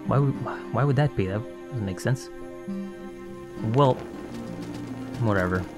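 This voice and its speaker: A man's voice: medium pitch, measured pace, music in the background. A man playing a video game and talking to himself in a drowsy, muttering way, swearing now and then and admitting he is sleepy. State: sleepy, yawning. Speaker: gaming channel host. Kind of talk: casual game commentary.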